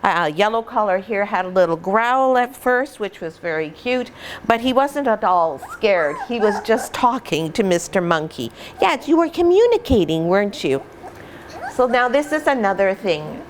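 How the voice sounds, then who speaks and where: Middle-aged lady explaining puppy stuff at home, patient and friendly, normal pitch. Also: animated, normal speed, a little hiss or hum. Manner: warm, patient explaining with playful voices. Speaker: puppy breeder. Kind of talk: instructional vlog talk. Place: indoors at home with puppies.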